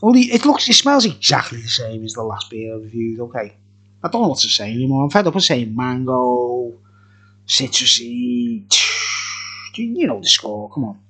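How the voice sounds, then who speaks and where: A man's voice: medium pitch, sing-song, normal speed, sharp tone, breathy edge. A man, reviewing beer in a rambling, jokey, profane casual chat. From England.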